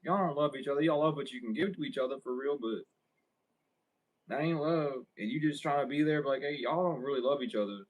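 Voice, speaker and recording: A man's voice: mid-range voice, fairly quick, low-quality recording. A young man vlogging a casual story. He rambles, swears freely and laughs often as he talks.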